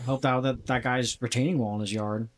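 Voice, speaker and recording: A man of ordinary pitch hosting a podcast, telling stories in an easy, chatty manner. He drifts between anecdotes and asides, relaxed throughout. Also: brisk. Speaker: podcast host. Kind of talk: casual chat.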